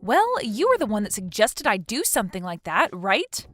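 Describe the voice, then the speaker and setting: A woman's voice: mid-range voice, wildly swooping pitch, moderate pace, a bit bright, no echo, faint music behind. A woman voicing a betrayed wife who confronts her cheating friend, accusing and indignant. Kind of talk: text message story dialogue.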